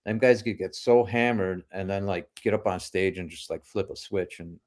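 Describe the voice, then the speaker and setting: A man's voice: deep voice, normal speed, darkish tone. A man guesting on a podcast, chatting casually about touring, swearing a lot and saying "dude" often. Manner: laid-back, heavy swearing, lots of "dude" and "man". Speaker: podcast guest, metal musician. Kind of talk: casual chat.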